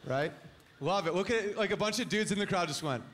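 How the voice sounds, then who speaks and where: A male stand-up comedian in his thirties delivers a crude set in a slightly high voice, wry and quick to chuckle. There is a faint hiss under his voice. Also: a bit bright.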